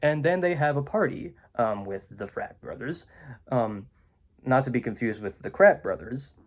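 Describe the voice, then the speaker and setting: A man's voice: medium pitch, animated, normal speed, background noise. A man giving a rambling, sarcastic movie review indoors, full of ums and asides. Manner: sarcastic, filler-heavy with many ums. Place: indoors, room with a window.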